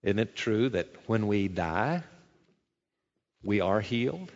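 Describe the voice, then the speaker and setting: A man's voice: lowish voice, lively intonation, slow pace. A man preaching a sermon in an earnest, conversational way, asking rhetorical questions as a pastor. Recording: dull sound with long hall reverb.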